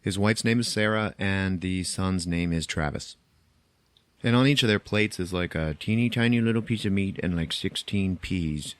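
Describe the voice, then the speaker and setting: A man's voice: sits low, moderate pace, dry recording. A man hosting a podcast, recapping a film plot in casual chat, chatty and profane, laughing at his own jokes, on a close microphone.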